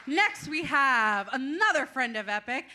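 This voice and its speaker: A woman's voice: sits high, big pitch swings, measured pace, bright, forceful tone. A woman hosting a club showcase, introducing acts and cheering the audience on in an upbeat way. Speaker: event host. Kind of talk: emceeing between acts.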